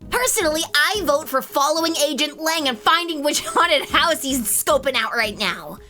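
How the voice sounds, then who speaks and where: A perky young female thief sidekick played by a woman, chirpy and playful. The high, bright voice bounces around a lot. Faint game music sits behind. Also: lively intonation, moderate pace. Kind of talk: let's play voice acting.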